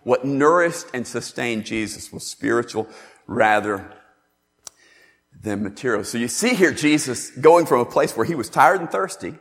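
A man preaching a sermon, emphatic and animated, acting out the scripture he quotes. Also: mid-range voice, normal speed. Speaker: pastor. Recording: long reverb in a large hall.

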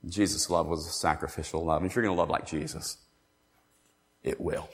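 A man preaching a sermon, emphatic and animated, acting out the scripture he quotes. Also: deep voice, brisk. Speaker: pastor. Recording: long reverb in a large hall.

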